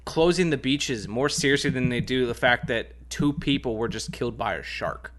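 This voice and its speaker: A man's voice: mid-range voice, animated, normal speed, a bit bright. A man co-hosting a podcast in casual chat, rambling and full of "like". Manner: rambling, lots of filler like. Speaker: podcast co-host.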